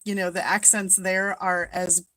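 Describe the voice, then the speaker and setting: A woman's voice: fairly low pitch, level tone, measured pace, sharp tone, dry recording, poor audio. A woman from Minnesota hosting a casual live-stream chat from home, greeting viewers by name and laughing often.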